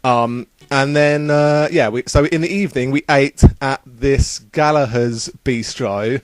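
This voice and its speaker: A man's voice: mid-range voice, measured pace, no room sound. A young man casually recounting a trip in a rambling, upbeat way, full of fillers. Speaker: vlogger. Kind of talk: casual travel vlog.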